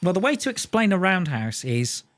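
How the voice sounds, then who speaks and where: A man's voice: sits high, very animated, normal speed, fairly bright tone. A man chatting casually while live-streaming a train simulator game, rambling, telling jokes and talking to his viewers. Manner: rambling, joking, talks to chat and himself.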